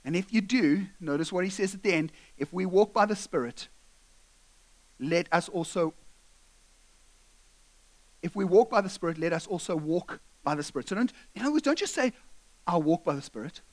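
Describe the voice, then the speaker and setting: A male pastor with a high voice preaches at normal speed, pausing often as he animatedly recounts stories and gives voice to each person in them.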